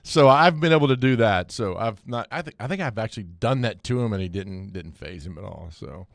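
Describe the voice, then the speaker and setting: A man's voice: fairly low pitch, animated, a little fast, gravelly, no echo. A man co-hosting a sports radio show, rambling and joking, working up into playful rants at a studio microphone.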